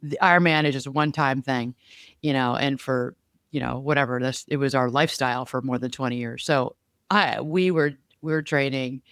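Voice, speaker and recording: A woman talks in a smooth, even-toned voice, recorded close and dry with no room around it. She co-hosts a casual podcast and tells her stories in an animated, chatty way. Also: very deep voice, fairly quick, no room sound. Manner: animated storyteller, lively and chatty. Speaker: podcast co-host.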